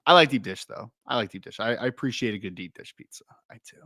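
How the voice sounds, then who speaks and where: A man's voice: medium pitch, lively intonation, quick pace, creaky, pushed and bright, dry recording, clean studio sound. A man with a South Jersey accent co-hosting a casual podcast, chatty and prone to repeating himself. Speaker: co-host.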